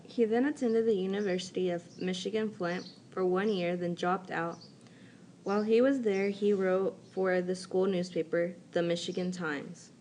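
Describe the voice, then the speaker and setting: A woman narrates a documentary from a script in a lowish voice, reading steadily. Faint background noise sits under her. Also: normal speed. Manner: steady, read-aloud delivery.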